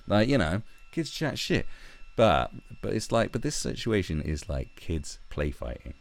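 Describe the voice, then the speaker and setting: A man's voice: on the low side, very animated, fairly quick, vocal fry. A man giving a profane, mocking, rambling commentary as the host of his own vlog. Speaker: online commentator.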